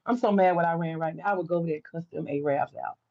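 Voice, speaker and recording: A woman's voice: fairly low pitch, very fast, dull audio. An American woman livestreaming to her viewers, ranting in a heated, profane, repetitive way. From United States. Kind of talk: casual livestream rant.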